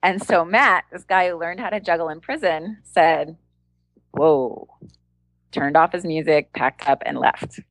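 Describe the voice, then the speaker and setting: Woman, lowish voice, dry close sound, animated anecdote, laughs a lot. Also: normal speed, hardly any pauses, dry recording. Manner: animated, acts out quoted voices with a jump in pitch; laughs often while telling. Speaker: guest, street performer and entertainer. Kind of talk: storytelling anecdote in conversation.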